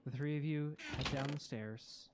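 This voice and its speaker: A man running a tabletop game as game master, narrating in a slow, halting way with many pauses. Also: medium pitch. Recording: loud background noise.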